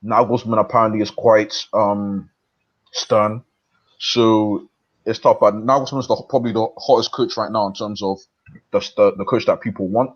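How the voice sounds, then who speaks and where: Low-voiced man with a dull, lo-fi sound. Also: fairly even intonation. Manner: thoughtful, halting, many fillers. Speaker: football stream co-host. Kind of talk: casual football analysis.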